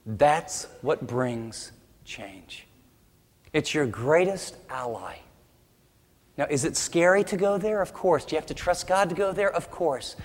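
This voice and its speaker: Man, pastor, sermon, high pitch, emphatic, humorous asides, reverberant hall. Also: expressive, a little slow.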